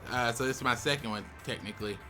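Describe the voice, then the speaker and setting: A young man hosting a casual video, chatting as he opens packs of game cards. He talks in a relaxed way, with sudden excited outbursts. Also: mid-range voice, fast talker, faint music behind. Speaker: YouTube host. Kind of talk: casual commentary while opening game card packs.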